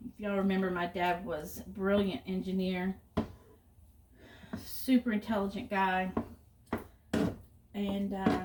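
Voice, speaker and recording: A woman's voice: mid-range voice, steady tone, slow pace, long pauses, far from the mic, background noise. A middle-aged woman chatting and telling rambling stories while she cooks in her home kitchen. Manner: chatty storyteller, rambling asides. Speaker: cooking vlogger. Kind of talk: casual chat while cooking. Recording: roomy kitchen, voice off-mic.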